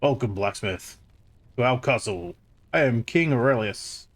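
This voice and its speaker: A man reading the lines of a formal, solemn king in a slow, measured way, close to his own voice. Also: mid-range voice, animated. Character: solemn regal king welcoming a new smith.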